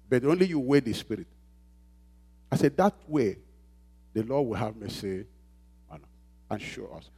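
Man, pastor, sermon, slightly high voice, very animated pitch, call-and-response. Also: moderate pace, pauses often. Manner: call-and-response questions to the congregation; emphatic, repeats phrases.

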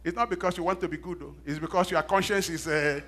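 A middle-aged man preaching a sermon, telling stories with self-mocking laughs and swinging from hushed asides to loud emphatic bursts. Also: high-pitched, fairly even intonation, quick pace. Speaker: pastor.

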